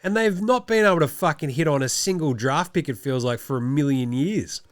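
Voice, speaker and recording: A man hosting a casual, sweary sports commentary show, full of sarcastic, animated rants. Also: fairly high pitch, a little fast, no echo. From Australia. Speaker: podcast host.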